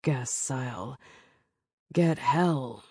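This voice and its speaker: Woman voicing a gritty, slow, bandaged young man. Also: extremely low pitch, lively intonation, darkish tone, husky, no room sound, clean studio sound, full character voice. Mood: tender. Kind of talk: audiobook narration.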